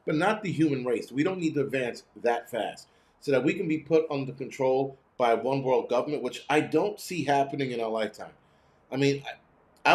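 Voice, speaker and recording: A middle-aged man hosting a live stream, ranting with heavy profanity and sarcasm while answering chat. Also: medium pitch. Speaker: host.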